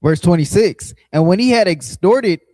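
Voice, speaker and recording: A man with a slightly high voice reads archaic scripture at a steady, measured pace. His voice is dry and close, with no room around it. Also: no echo. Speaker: scripture reader. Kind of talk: reading scripture aloud.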